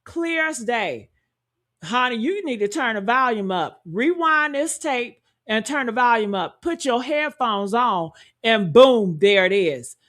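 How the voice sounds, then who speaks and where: A woman talks through a true-crime story in a high voice at an unhurried pace. She leans on rhetorical questions and speaks to her audience as honey and y'all. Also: lively intonation, fairly bright tone. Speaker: commentary host. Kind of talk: true-crime commentary to viewers.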